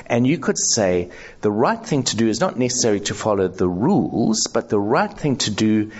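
A man's voice: lowish voice, sing-song, moderate pace, a little mellow, slightly rough. A man teaching ethics to a live audience in a conversational way, polling the room and acting out quoted voices. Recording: dull lo-fi sound.

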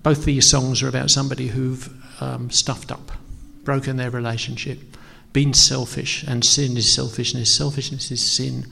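A middle-aged male pastor gives a relaxed sermon, hesitating often with ums and gently poking fun at himself. His voice sits at an ordinary pitch with a gravelly edge. A long reverb trails off the walls of the church hall. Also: moderate pace, few pauses, a little hiss or hum. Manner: hesitant, self-deprecating, frequent ums. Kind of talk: conversational sermon.

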